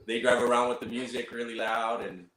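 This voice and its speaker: A man, a guest giving relaxed, brief replies in casual chat. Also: mid-range voice, brisk, low-quality recording. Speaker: guest musician.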